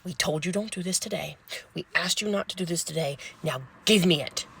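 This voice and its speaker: A woman voicing a furious, stern female nurse as whispered role-play, low and clipped. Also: brisk, gravelly, fairly bright tone, breathy edge, exaggerated voice. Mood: seething.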